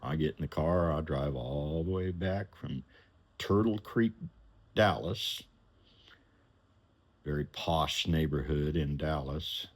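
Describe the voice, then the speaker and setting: A man telling a personal story in an animated way, acting out the voices of the people in it and chuckling now and then. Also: very deep voice, slow, pauses often, husky.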